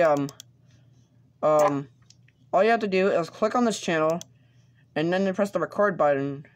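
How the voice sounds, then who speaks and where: A tutorial host, a man with a voice on the high side, walks through a casual screen-recorded software tutorial. He explains each step haltingly, with many fillers and restarts.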